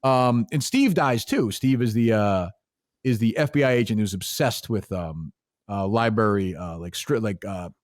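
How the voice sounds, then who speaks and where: A man's voice: on the low side, moderate pace, dry recording, studio quality. A man from Massachusetts with a Boston accent, hosting a podcast in casual, rambling chat full of fillers and swearing. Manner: rambling, profane, many fillers. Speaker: podcast host.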